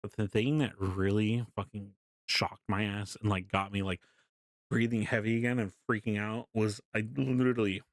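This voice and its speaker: A young man casually telling a story to his live stream chat, animated, laughing often and swearing freely. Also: on the low side, normal speed, no room sound, studio quality.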